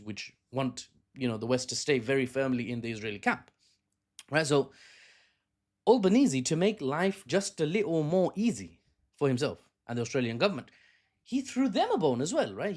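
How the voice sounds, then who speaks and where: A man's voice: medium pitch, a little mellow. A man giving casual political commentary, conversational, often correcting himself and adding joking asides.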